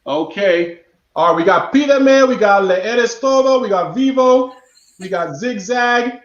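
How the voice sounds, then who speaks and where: In an echoey room with muffled lo-fi sound, a male show host with a high-pitched, expressive voice runs a live online program at an unhurried pace. He playfully tests his guest, relays guesses from the chat, and restates questions for viewers.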